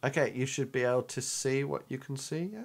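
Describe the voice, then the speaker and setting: A man running a tabletop game as game master, talking in a halting way with many ums and restarts. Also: medium pitch, fairly even intonation, creaky.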